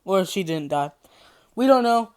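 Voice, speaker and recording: A woman's voice: mid-range voice, expressive, measured pace, smooth. A woman casually summarizing a horror book, rambling and repeating herself. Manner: rambling, repetitive, giggly. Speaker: youtuber retelling a book.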